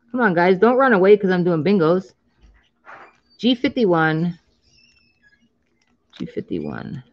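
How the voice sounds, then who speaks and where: On a live stream, a woman in her thirties with a lowish voice chats casually while scratching lottery tickets, drawing out each number she calls and laughing often. The audio is dull.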